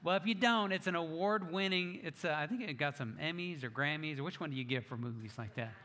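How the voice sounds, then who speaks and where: A man preaching a sermon as pastor, telling stories in an animated way with self-mocking asides. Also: on the high side, fast talker, big-room sound.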